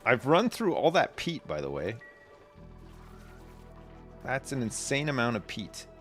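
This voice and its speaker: A man's voice: mid-range voice, wildly swooping pitch, measured pace, a bit bright, faint music behind. A man hosting a livestream, casually commenting on his gameplay, rambling and self-deprecating, and reading game text aloud. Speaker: livestream host.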